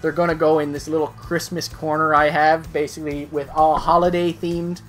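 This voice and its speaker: A woman's voice: low-pitched, level tone, faint music behind. A woman co-hosting a collectibles vlog, chatting casually and cracking jokes. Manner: joking, playful, quick asides. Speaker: collectibles channel co-host.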